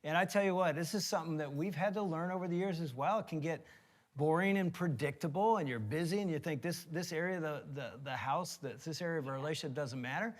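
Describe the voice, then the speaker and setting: A middle-aged man preaching from a church stage, spinning a playful story with lots of energy. His voice sits a little high for a man. He talks the way someone does when he is entertaining a room. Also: fast. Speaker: pastor. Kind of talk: sermon storytelling.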